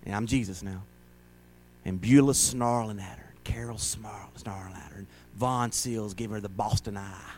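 A male pastor preaching a folksy, conversational sermon in a church, often rising to loud, dramatic shouts as he acts out a crowd. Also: fairly low pitch, steady tone, moderate pace, a little hiss or hum.

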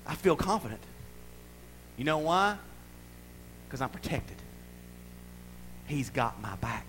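A man preaching a sermon in a folksy, playful way, building to loud declarations. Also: mid-range voice, sing-song, slow pace, a little hiss or hum, low-quality recording. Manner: folksy, playful preaching with acted-out voices and rising shouts. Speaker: pastor.

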